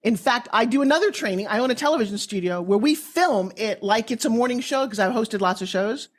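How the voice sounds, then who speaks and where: A woman guesting on a podcast as a pitch coach, giving advice in an emphatic, salesy way with punchy phrasing. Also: expressive, brisk. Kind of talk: energetic podcast interview advice.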